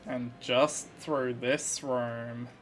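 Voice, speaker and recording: A man's voice: mid-range voice, flat delivery, extremely slow, fairly bright tone. A man casually commentating his video game playthrough, musing through his moves with a slight frog in his throat. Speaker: let's play host.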